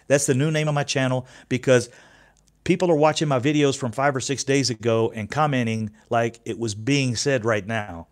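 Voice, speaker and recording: A man's voice: medium pitch, fairly even intonation, moderate pace. Fifty-year-old man hosting a fan channel, chatty and profane, stumbles and restarts often. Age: 50s. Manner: rambling, profane, restarts sentences. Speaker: YouTube sports channel host. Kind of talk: casual fan commentary.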